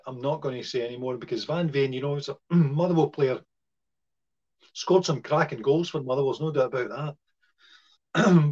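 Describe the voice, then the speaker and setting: Hesitant man, muffled audio. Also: fairly high pitch. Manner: hesitant, lots of fillers and restarts. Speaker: podcast co-host. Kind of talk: casual football chat.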